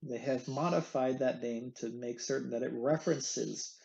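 A man's voice: medium pitch, fairly even intonation, moderate pace, creaky, darkish tone, dull audio. A man teaching an anatomy lecture in a playful way, repeating the key terms. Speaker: anatomy instructor. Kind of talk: recorded lecture.

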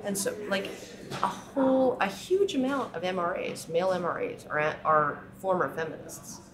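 A woman's voice: on the low side, expressive, normal speed, a crowd in the background. Woman talking in an echoey crowded room. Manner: frequent "right?" tags, mocking put-on quotes. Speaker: speaker. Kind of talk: impassioned talk.

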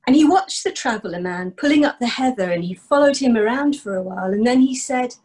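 A woman storyteller, telling a traditional folk tale in a measured, rhythmic way. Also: fairly high pitch, lively intonation, darkish tone, husky, rough recording.

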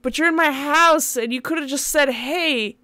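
A woman's voice: high voice, normal speed, sharp tone, no echo, pitched above the performer's own voice. A woman reading as a fretful protective dad. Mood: worried. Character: worried single dad, protective and earnest. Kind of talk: reading game dialogue aloud.

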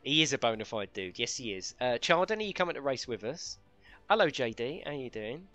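A man's voice: medium pitch, sing-song, brisk, pushed and bright, soft background music. A man streaming a racing game live, chatting casually with viewers and friends, swearing lightly and laughing often.

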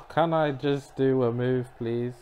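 A man giving muttered, reactive commentary as he plays a wrestling game, now and then breaking into frustrated shouts. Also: mid-range voice, fairly even intonation, takes it slowly, muffled recording, slight background noise. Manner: reactive, muttering to himself, bursts of frustrated yelling. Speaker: gamer playing a wrestling game. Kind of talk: live gameplay commentary.

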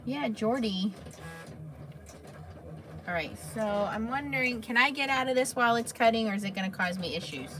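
A woman's voice: fairly high pitch, moderate pace, pauses often, background noise. A woman hosting a crafting livestream, chatting casually and answering viewers' comments by name.

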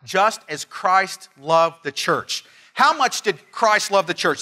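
Middle-aged guy preaching, earnest, keeps repeating lines for emphasis, kinda high bright voice. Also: very animated, measured pace. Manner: earnest, emphatic, repeats phrases, storytelling asides. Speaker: pastor. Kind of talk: sermon.

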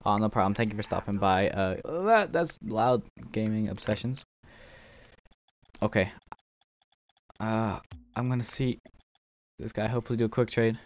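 A man's voice: lowish voice, moderate pace, long pauses. A young man streaming a game, chatting casually with viewers, laughing and swearing easily. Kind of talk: casual live-stream chat while trading.

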